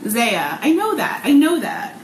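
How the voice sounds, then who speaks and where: A woman's voice: fairly high pitch, animated, normal speed, a bit bright. A woman in her thirties hosting a casual live cooking vlog from her home kitchen. She talks in a bubbly, chatty way, laughs often, and fills her speech with um and like. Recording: echoey kitchen with clear background noise.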